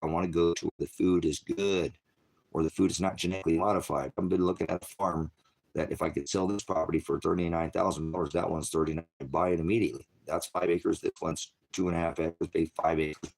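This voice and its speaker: Deep voiced american guy rambling on a stream, lots of you-knows. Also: steady tone, fast talker, gravelly, a little mellow. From United States. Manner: rambling, loose, full of fillers and restarts. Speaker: channel host. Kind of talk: casual livestream chat.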